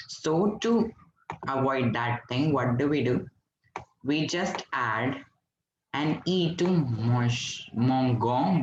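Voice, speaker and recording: Guy from india teaching french online, slow and patient, quizzes the class, echoey dull lo-fi sound. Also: fairly high pitch, slight background noise. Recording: roomy, dull lo-fi recording.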